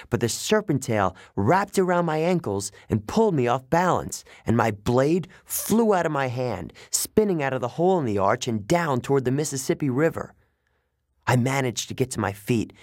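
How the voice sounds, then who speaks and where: A man's voice: mid-range voice, dry recording. Man narrating an audiobook, dry sound. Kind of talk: first-person audiobook narration.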